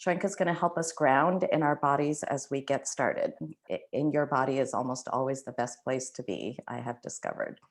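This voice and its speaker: Low-voiced woman moderating an online event. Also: normal speed. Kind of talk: introducing a speaker at an online event.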